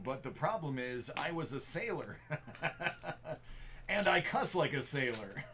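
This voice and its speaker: A man's voice: fairly high pitch, sharp tone, a little hiss or hum. A middle-aged man hosting a live card-break stream, chatting casually and informally straight to his viewers.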